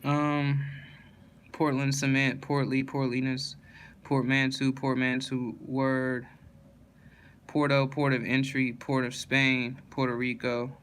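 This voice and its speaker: A man reading a list of words aloud one by one, steady and plain, with small slips and self-corrections. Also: medium pitch, slow pace, slight background noise.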